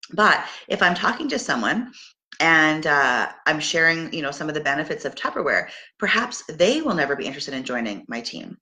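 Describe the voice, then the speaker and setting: A middle-aged woman from Canada coaching her sales team in an upbeat, casual talk. Her voice sits low but sounds bright and forceful. She stops and restarts often and fills pauses with ums. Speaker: direct sales team leader.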